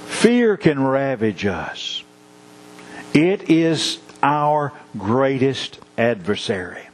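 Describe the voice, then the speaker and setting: A man's voice: medium pitch, slight background noise, poor audio. A man preaching a sermon with rhythmic repetition and illustrative stories. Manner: measured, rhythmic repetition; storytelling.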